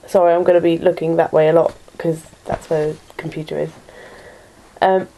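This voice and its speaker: A woman's voice: deep voice, flat delivery, moderate pace, warm tone, slight background noise, low-quality recording. A woman from Norfolk with a Norfolk English accent, chatting in a casual vlog and reading out a word list, hesitant with many ums and self-deprecating asides, recorded on a computer webcam at home. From Norfolk, England.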